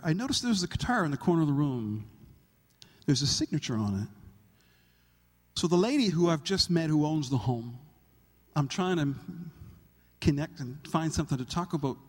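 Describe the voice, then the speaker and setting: A man's voice: a little high, moderate pace, big-room sound. A man preaching a sermon as pastor, telling stories with acted-out quotes and laughter. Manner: animated, acts out quotes and laughs at his own stories. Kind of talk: sermon with storytelling.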